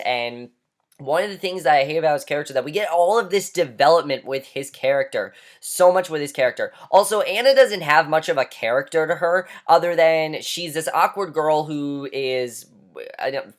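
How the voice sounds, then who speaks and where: A man ranting through a movie review, heated, blunt and emphatic, swearing now and then. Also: on the high side.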